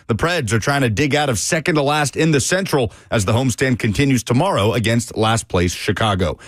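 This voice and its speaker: A man reads a sports news update in a radio studio. His delivery is brisk and even. His voice is mid-pitched, and the sound is close and dry. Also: no room sound. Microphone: studio microphone.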